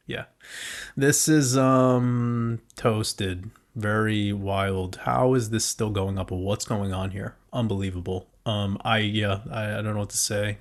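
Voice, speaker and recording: A man with a lowish voice walks through price charts in loose, unscripted commentary. He swears freely and breaks into excited outbursts as he talks. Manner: casual and profane, with excited outbursts. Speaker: crypto market commentator. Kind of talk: casual chart analysis commentary.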